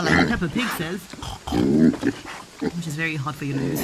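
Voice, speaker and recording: Animated mother teaching toddler words. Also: low-pitched, takes it slowly, creaky, pauses often, background noise. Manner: animated, sing-song, makes animal sounds. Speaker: parent teaching Shona words. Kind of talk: playful home teaching with toys.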